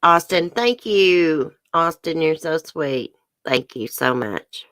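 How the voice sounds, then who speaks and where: Middle-aged Southern woman, livestream host, low and chatty, dry close sound. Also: animated, slow, fairly bright tone, dry recording. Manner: chatty, laughs often, says y'all. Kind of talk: casual livestream chat with viewers. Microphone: webcam or phone close up.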